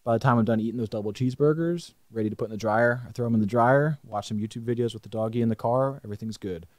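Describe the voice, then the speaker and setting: A young man co-hosting a podcast, telling a story in a casual, animated way and swearing freely. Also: medium pitch, racing, no echo, clean studio sound. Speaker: podcast co-host. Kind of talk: casual chat.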